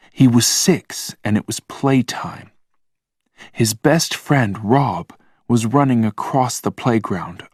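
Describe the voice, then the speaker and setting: Slow, deliberate male storyteller. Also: lowish voice, breathy edge, no room sound, studio quality. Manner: calm, plain, deliberate. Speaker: narrator. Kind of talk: slow scripted narration for language learners.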